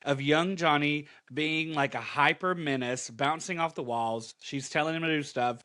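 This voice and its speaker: A man co-hosting a comic book podcast, recapping the story in a casual, dramatic and animated way. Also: on the high side, moderate pace, no room sound, studio quality.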